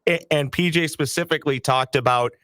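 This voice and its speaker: A man's voice: on the high side, fairly quick, fairly bright tone, no echo, clean studio sound. A man co-hosting a sports chat show, talking earnestly and building his point through repetition. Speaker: sports podcast co-host.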